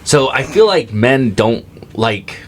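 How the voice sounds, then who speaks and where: A man's voice: medium pitch, expressive, slow pace, slight background noise. A young man co-hosting a casual comedy podcast, rambling through stories with lots of "like" and "dude". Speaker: podcast co-host.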